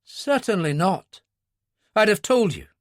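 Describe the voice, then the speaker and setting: A prickly, stiff-backed official, as a male narrator puts him on, quick to take offence. His pitch climbs high and swings widely. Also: very animated, dry recording, clean studio sound, full character voice. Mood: indignant. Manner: prickly, indignant. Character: stiff British male intelligence official, indignant.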